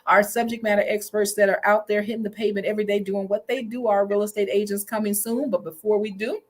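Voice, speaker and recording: Energetic woman co-hosting a promo show. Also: mid-range voice, quick pace. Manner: energetic, repetitive, salesy. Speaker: co-host. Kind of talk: upbeat promotional talk show banter.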